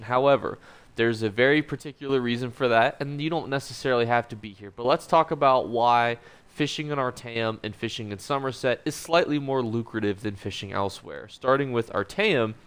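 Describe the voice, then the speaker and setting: An upbeat man walks through a game guide with a smooth, clear voice. He talks at a medium pitch and makes light jokes about his own script. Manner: upbeat, joking, self-correcting. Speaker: gaming YouTuber.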